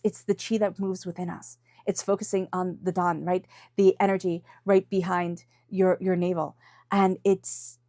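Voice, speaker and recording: A woman's voice: mid-range voice, dark tone, dry recording, studio quality. A woman giving an intuitive tarot reading in a casual, encouraging way, with lots of fillers and restarts, acting out inner voices in quotes. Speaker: tarot reader.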